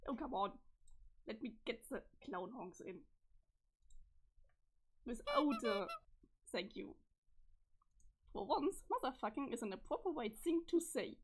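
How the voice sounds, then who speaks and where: High-pitched woman streamer, slightly strained voice, casual reading with reactions. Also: expressive, breathy edge. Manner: swears casually, quick reactions. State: voice strained from allergies. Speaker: streamer reading a webcomic aloud. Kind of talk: casual read-aloud with commentary.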